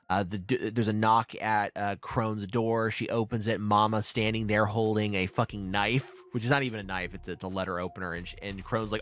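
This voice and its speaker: A man hosting a podcast, recapping anime episodes in profane, animated casual chat. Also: fairly low pitch, normal speed, few pauses, soft background music. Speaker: podcast host.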